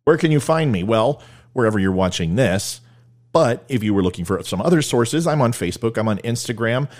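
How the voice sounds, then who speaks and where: A man's voice: medium pitch, animated, a little fast, darkish tone. Male podcast host, blunt and digressive, casual opinion talk. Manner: rambling, blunt, self-mocking asides.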